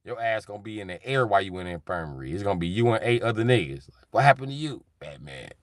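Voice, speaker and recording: A man doing comedic livestream riffing, rowdy and joking, with a gravelly voice on a close desk mic. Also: on the low side, very fast, no echo. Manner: rowdy, joking, laughing between bits. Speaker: streamer.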